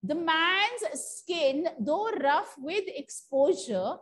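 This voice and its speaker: High-voiced Indian woman teaching English. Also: sing-song, extremely slow. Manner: asks the class questions and answers them herself. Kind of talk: classroom lesson, reading a story aloud and explaining.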